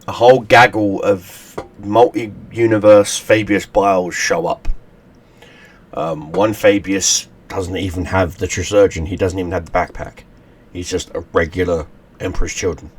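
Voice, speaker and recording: A man hosting his channel casually recaps a story he wrote to camera, rambling with lots of restarts and fillers. His voice sits low, and there's a little hiss or hum.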